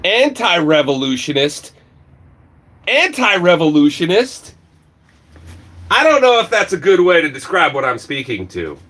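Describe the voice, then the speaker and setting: A man ranting on a livestream, swearing a lot and swinging between shouting and low muttering. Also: huge pitch swings, fairly quick, few pauses. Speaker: livestream vlogger. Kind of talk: angry profane rant.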